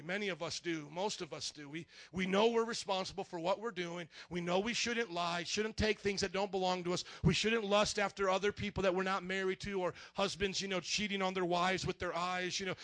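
A male pastor preaching a sermon in church, animated and joking, speaking straight to the congregation. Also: sits high, no room sound.

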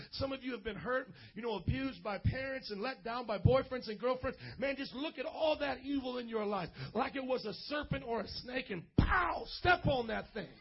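A man with a very high, husky voice preaches with loose street slang and sudden shouted bursts. He talks to the congregation at a church service. The sound is dull and lo-fi. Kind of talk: lively youth sermon.

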